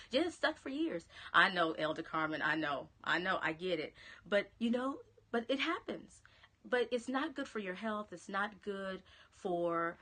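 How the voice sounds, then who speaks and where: A woman with a Southern American accent and a mid-range, sharp-toned voice delivers an upbeat pep talk on a live stream. This motivational speaker chats with her viewers and drops to a whisper on key phrases, captured through a phone or webcam.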